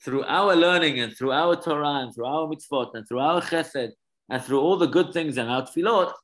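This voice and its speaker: Man teaching a lively study class. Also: a little high, moderate pace, low-quality recording. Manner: animated storyteller, explains terms as he goes. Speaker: Torah teacher.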